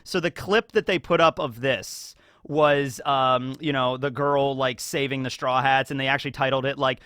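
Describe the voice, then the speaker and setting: A man talking casually as a YouTuber about an anime special. He is excitable, rambling, and full of fillers and tag questions. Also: mid-range voice, normal speed, few pauses, clean tone, dry recording, studio quality.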